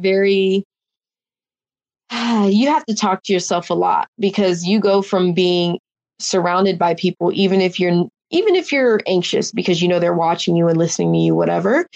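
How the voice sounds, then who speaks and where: A young woman recounting her experience as a contestant in a casual, emotional interview. Her voice sits slightly low. She rambles, fills her sentences with little fillers, and circles back on her thoughts. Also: normal speed, vocal fry, darkish tone, highs cut off. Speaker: reality show contestant, guest.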